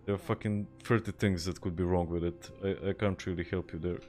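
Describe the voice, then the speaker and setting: Deep-voiced Serbian-accented man streaming games. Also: fairly even intonation, brisk, a little mellow, faint music behind. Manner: laid-back, swears, chuckles, answers chat. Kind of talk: casual live-stream chat while gaming.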